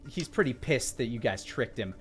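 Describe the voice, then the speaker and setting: A man narrating and running a live tabletop game as dungeon master, relaxed as he tallies damage and describes the action. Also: medium pitch, moderate pace.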